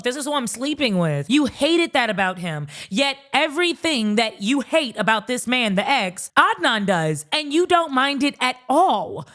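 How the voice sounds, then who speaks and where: Young woman host, chatty recap style; a fairly high voice that jumps up when she acts out the people in the story, laughing often. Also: fairly bright tone. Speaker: commentary host. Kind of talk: casual reality-show commentary.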